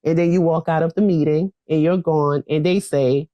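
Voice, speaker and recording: A man's voice: fairly high pitch, fairly even intonation, normal speed, dark tone, no echo. A man giving a fiery political speech in a rhythmic, repetitive, preacher-like style, from an archival recording. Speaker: political speaker.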